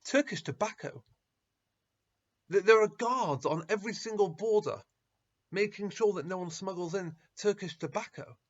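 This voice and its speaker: A man voicing anxious young male disciples who stammer and protest loudly, on a dull lo-fi recording. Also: a little high, animated, normal speed, gravelly, slightly rough, voice pushed up, exaggerated voice.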